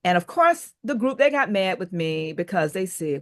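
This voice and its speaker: An older businesswoman tells a long story as a podcast guest. She brings it to life by acting out the people she quotes. Her voice sits at a middle pitch. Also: moderate pace. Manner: animated storyteller who acts out quoted dialogue. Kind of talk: storytelling in an interview.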